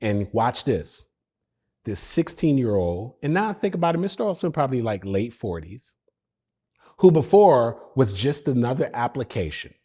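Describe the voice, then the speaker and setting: A man's voice: mid-range voice, normal speed, husky. A man telling a personal story as a podcast guest, acting out the dialogue and talking directly to the host. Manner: lively, acts out dialogue, talks directly to the host.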